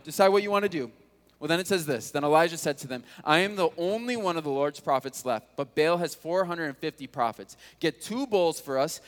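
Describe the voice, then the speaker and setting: A man preaching to his congregation, with a slightly higher voice than most men. He reads scripture and tells the story in a relaxed, conversational way, often asking his listeners questions. His voice rings out with a long reverb, as if filling a large church hall. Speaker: pastor. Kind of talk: sermon.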